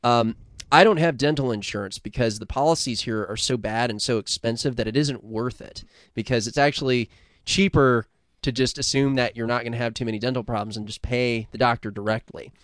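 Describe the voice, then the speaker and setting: A man from the United States hosts a podcast in loose, profane chat, rambling and laughing as he tells stories. His voice is smooth and resonant. The sound is dry and close. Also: mid-range voice, fairly quick, no room sound. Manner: rambling, swearing, laughing, acting out bits. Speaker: podcast co-host. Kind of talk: casual crude chat.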